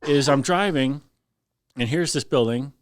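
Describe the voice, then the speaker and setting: A man's voice: mid-range voice, a little slow, no echo, studio quality. A middle-aged man, a veteran fire lieutenant, telling a story in casual podcast talk and acting out the voices of the people in it. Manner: animated, acts out voices in his story. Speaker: firefighter lieutenant guest.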